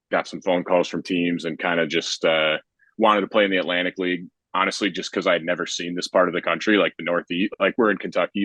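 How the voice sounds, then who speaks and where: A young man, a baseball pitcher, chatting casually on a podcast in a relaxed, rambling way with lots of filler words. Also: no echo.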